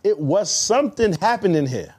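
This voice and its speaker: Hyped teasing dude, high voice, jumps all over the place, heavy slang. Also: male voice, very animated, normal speed, darkish tone, slightly rough. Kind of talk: casual chat.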